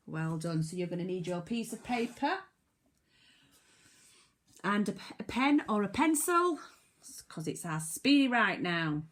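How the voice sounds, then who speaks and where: A woman teaching a recorded phonics lesson to young children, slowly and clearly sounding out letters, counting down and praising. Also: medium pitch, lively intonation.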